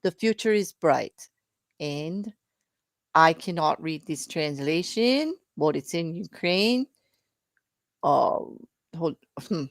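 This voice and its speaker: A woman's voice: sits low, expressive, slow, long pauses, dry recording, clean studio sound. A woman with a South African accent, co-hosting a live stream and reading out donor messages with easy laughter. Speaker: co-host reading donations. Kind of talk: casual live-stream chat.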